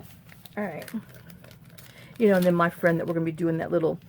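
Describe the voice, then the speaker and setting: Gluing and trimming a craft project at home, a middle-aged woman keeps up a casual, folksy chat with viewers and mutters to herself now and then. She speaks a little fast in a steady, lowish, slightly mellow voice, over a touch of hiss or hum.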